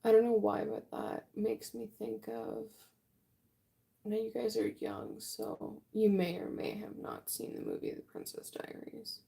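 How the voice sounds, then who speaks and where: A woman in her late twenties chatting casually with viewers while she paints on a livestream. She is relaxed and talks at an easy pace, yawning often as she answers the chat. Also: fairly high pitch, measured pace, creaky. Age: late 20s. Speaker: livestream artist. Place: art room at home.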